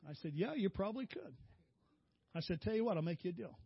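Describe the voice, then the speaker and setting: Folksy storytelling preacher, husky voice. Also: male voice, fast talker, muffled recording. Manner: folksy, animated storytelling, pitching up for quoted voices. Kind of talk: storytelling sermon.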